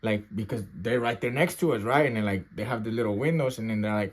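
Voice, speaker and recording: Low-pitched and fast-talking, this man casually recounts his youth custody experience to camera in slangy street talk. He peppers the story with "right?" and "bro," and acts out sounds and gasps as he goes.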